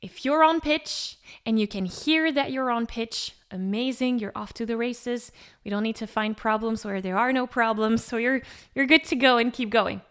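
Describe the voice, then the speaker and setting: A woman vocal coach explaining pitch step by step in an encouraging way, with short sung demonstrations. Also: normal speed, a bit bright, clean tone. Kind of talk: singing lesson with sung demonstrations.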